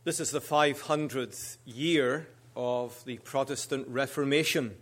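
A man preaching as a guest minister, speaking in measured, deliberate short phrases. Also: medium pitch. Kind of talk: sermon.

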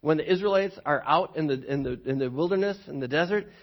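A man preaching a sermon as a pastor, telling stories in an animated way and often repeating words, on a dull lo-fi recording. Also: on the high side, quick pace.

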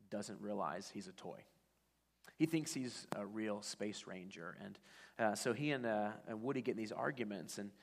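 A pastor with a lowish, gravelly voice preaches a sermon, telling a story conversationally and often restarting. Long church-hall reverb trails his words.

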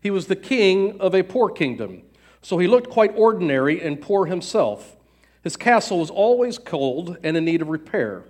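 A man narrating a fairy tale aloud in an even storytelling cadence. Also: high voice, moderate pace.

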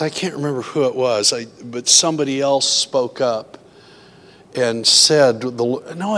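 A man delivers an earnest, conversational sermon at an ordinary middle pitch. He tells personal stories and voices his own anxious thoughts along the way. His voice carries a long hall reverb. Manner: earnest, acts out his own inner voice in quotes. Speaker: preacher.

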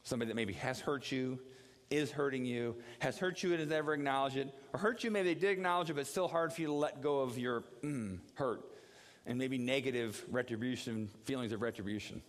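A man preaching a sermon in an animated, storytelling way, with a middle-pitched voice. His voice carries a long reverb from a large hall. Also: fairly quick. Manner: animated storytelling with acted quotes, dropping low for prayer. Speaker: pastor.

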